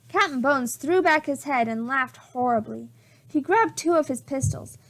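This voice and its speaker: A woman and preschool teacher reading stories aloud to young children in a slow, expressive, sing-song way. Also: high-pitched. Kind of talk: reading a picture book and chapter book aloud to children.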